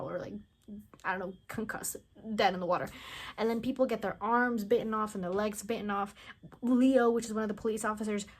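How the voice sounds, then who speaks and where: A woman casually recapping a film plot, rambling and chatty with lots of "like" and blunt, mocking asides. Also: medium pitch. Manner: rambling, chatty, heavy use of "like", acts out characters' lines. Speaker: movie reviewer.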